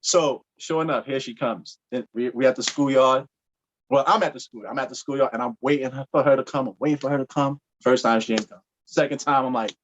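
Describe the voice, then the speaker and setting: Guest man, lively storyteller who acts out the lines, dull lo-fi recording. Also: a little fast. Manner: animated, acts out dialogue with jumps in pitch. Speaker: podcast guest. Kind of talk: casual storytelling.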